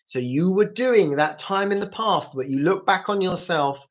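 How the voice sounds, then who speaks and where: Man, grief support host, animated intonation, coaching listeners directly, dull lo-fi live stream sound. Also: high-pitched, normal speed. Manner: coaching, speaks straight to listeners. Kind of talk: live advice talk.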